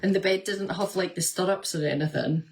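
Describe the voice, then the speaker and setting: A woman who is a vlogger and nurse chats casually on her vlog, answering viewer comments in a slightly low voice with vocal fry. She talks a little fast, animated and chatty, often bursting into laughter as she tells her stories.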